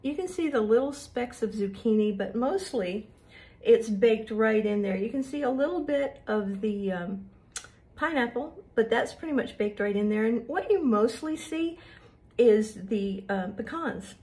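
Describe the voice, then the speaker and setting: A woman's voice: on the high side, animated, unhurried, a little mellow. A middle-aged woman, chatting homey and friendly to viewers as she shows a recipe in her kitchen. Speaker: cooking show host. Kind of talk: casual cooking demonstration. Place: home kitchen.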